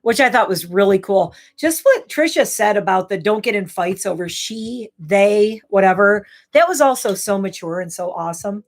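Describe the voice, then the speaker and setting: Woman, thirties, tipsy, candid, rambling livestream chat, mid pitch. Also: expressive, normal speed, few pauses. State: tipsy from wine. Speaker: beauty livestreamer.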